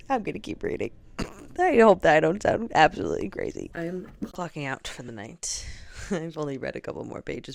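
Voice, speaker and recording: A woman's voice: deep voice, creaky. A young woman vlogging at home about her reading, chatty and casual, swearing freely and laughing often. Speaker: book vlogger. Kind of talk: casual reading vlog chat.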